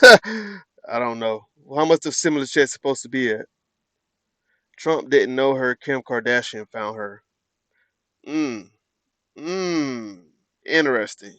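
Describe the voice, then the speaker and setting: A man's voice: mid-range voice, lively intonation, slow pace, pauses often, bright, forceful tone, no echo. A man reacting live to a speech, blunt and incredulous, talking in slang and calling out what he hears. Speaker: reaction streamer.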